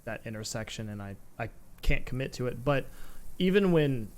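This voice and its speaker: A man's voice: medium pitch, lively intonation, moderate pace, a little mellow, slight background noise. A man hosting an interview in casual conversation, supportive and thinking aloud. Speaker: host.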